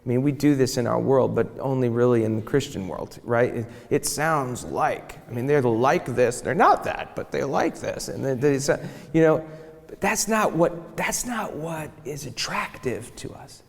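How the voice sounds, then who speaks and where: A man's voice: medium pitch, normal speed, gravelly. A man speaking reflectively in a live interview, searching for his words and pressing on key points. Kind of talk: live onstage interview talk. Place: church hall in front of an audience. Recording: long church reverb.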